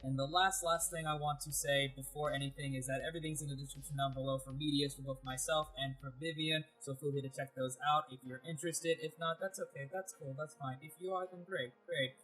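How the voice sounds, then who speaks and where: A man's voice: on the high side, fairly even intonation, quick pace, hardly any pauses, pushed and bright, soft background music, low-quality recording. A man hosting an interview show in a casual, playful way, making jokey, goofy asides as he wraps things up. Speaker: host.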